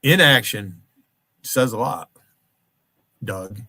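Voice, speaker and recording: A man's voice: lowish voice, expressive, slow pace, pushed and bright, no room sound. Profane, ranting man streamer. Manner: profane, confrontational, calls out viewers by name. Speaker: livestream host. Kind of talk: angry livestream rant.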